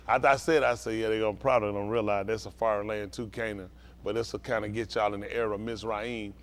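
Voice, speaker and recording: A man's voice: on the low side, steady tone, fast. A man preaching as a pastor, teaching scripture and often asking the listeners if they follow. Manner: keeps checking the listeners understand. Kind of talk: bible teaching with call-and-response.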